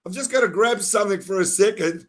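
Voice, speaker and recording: A man's voice: sits high, quick pace, a bit bright. A man from Melbourne, hosting a casual podcast interview in a jokey, eager way. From Melbourne, Australia. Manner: jokey, eager, laughs along. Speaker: podcast host.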